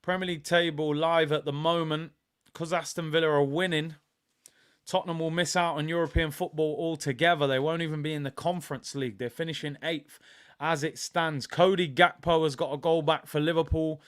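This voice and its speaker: A young man, hosting a live football watch-along in casual, excitable chat, reading comments and reacting to scores. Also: a little high, fairly quick, clean tone. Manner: animated, excitable, with loud outbursts of reaction.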